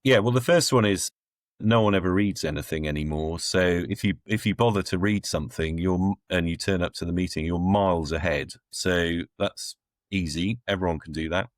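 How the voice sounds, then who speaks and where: A man's voice: low voice, a little fast, no room sound, studio quality. A middle-aged man answering interview questions bluntly, with wry asides and strong opinions. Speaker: guest.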